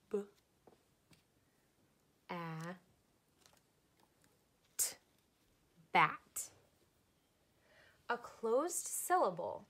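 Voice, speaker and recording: A woman teacher slowly demonstrating closed syllables with letter cards, sounding out each letter patiently. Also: mid-range voice. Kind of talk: recorded phonics lesson.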